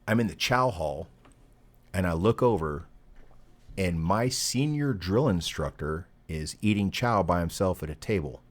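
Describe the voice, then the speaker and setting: Guest: middle-aged man, very low voice, swears freely, animated storyteller. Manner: profane, animated anecdote teller. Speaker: podcast guest. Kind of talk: casual storytelling.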